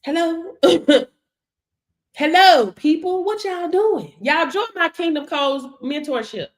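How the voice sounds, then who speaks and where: Speaking slowly in an extremely high voice, a woman hosts a casual motivational livestream on a streaming setup. As a business mentor she preaches and laughs in a sassy, colloquial way.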